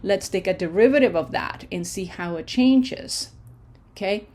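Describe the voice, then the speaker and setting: A woman teaching an online pronunciation lesson, patient and reassuring, slowing down to sound out words syllable by syllable. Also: mid-range voice, darkish tone. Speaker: language teacher.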